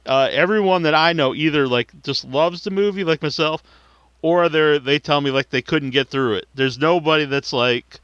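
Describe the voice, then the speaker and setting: A man's voice: a little high, moderate pace, fairly bright tone, clear, resonant tone, no echo. A man hosting a podcast, asking questions eagerly and laughing along with his guest. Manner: eager, chatty interviewer who laughs along. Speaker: podcast host. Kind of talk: casual interview chat. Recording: dull, dry lo-fi audio.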